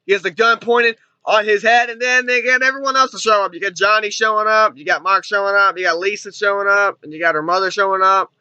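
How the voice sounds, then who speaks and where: A man's voice: high-pitched, fast, hardly any pauses, bright, forceful tone, clear, resonant tone, no echo, dull audio. A man reviewing a movie in a casual, rambling recap, full of fillers and loose asides. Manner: rambling, heavy on fillers like "and everything".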